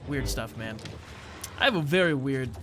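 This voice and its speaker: A man's voice: medium pitch, expressive, moderate pace, fairly bright tone. Rambling man over game music. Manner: rambling, self-deprecating, jokey. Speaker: gameplay commentator. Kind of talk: casual let's-play commentary.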